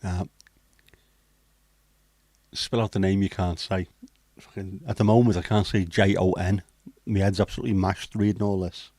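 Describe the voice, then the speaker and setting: With a deep, darkish voice and flat delivery at a moderate pace, an English livestream host goes through his chat, bantering bluntly and swearing. The recording has no echo.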